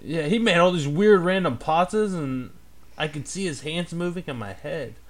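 A man co-hosting a casual podcast, reacting with wry, sarcastic remarks and quick questions. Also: fairly high pitch. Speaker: podcast co-host.

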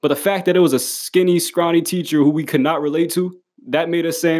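A man's voice: on the high side, fairly even intonation, brisk, darkish tone. A young man giving a casual motivational monologue to the camera, blunt and full of swearing and slang, often laughing as he talks. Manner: profane, blunt street slang, emphatic; laughs often while talking.

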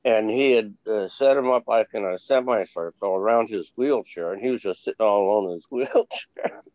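Speaking at a moderate pace in a fairly low, darkish voice, an older ex-film crew member rambles through stories for an interview, dropping fillers and blunt swear words. The recording is low quality, with no echo.

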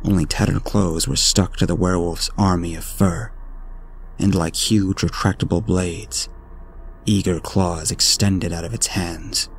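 Deep gravelly man narrating horror. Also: steady tone, a little slow, slight background noise. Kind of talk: scripted narration. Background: faint music.

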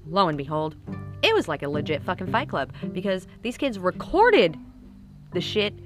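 A woman's voice: lowish voice, big pitch swings, moderate pace, music in the background. A woman in her thirties telling comic stories about her kids in a casual, rambling, profane way. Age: 30s. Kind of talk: casual comic storytelling to camera.

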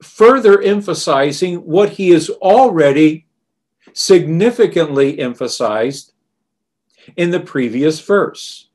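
A man preaching a sermon in a slow, earnest and deliberate way, dropping softer on the verses he quotes. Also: a little high, expressive.

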